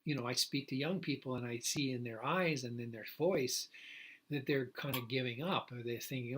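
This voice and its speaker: A man's voice: mid-range voice, a little fast, bright, forceful tone, slight background noise. Emotional older man ranting on a livestream. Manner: emotional, rambling, with many restarts and sudden indignant outbursts. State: choked up. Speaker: activist livestreamer. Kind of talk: solo livestream monologue.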